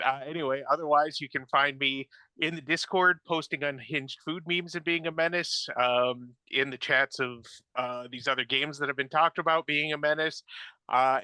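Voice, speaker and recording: A man's voice: fairly high pitch, bright, forceful tone, no room sound. A man giving a jokey, self-mocking introduction as a tabletop player on a stream.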